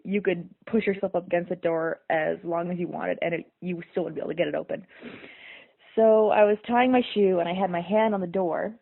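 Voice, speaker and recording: Young woman telling a story over tinny audio. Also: medium pitch. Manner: animated, self-mocking retelling with dramatic quoted voices. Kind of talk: casual personal storytelling.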